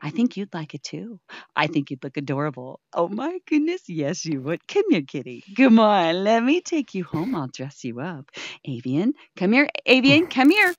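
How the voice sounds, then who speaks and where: A woman's voice: fairly low pitch, very animated, moderate pace, a little mellow, no room sound, lo-fi sound. A woman hosting a casual VR chat show, teasing her guests with theatrical mock outrage and cooing baby talk. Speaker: show host. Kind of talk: playful improvised VR chat banter.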